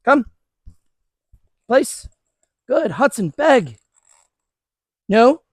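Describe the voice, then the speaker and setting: A man with a notably high voice talks viewers through a training session, casual and encouraging as he works with a dog. He is recorded outdoors with a dry, close sound and no room echo. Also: sing-song, extremely slow. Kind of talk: hands-on training demonstration.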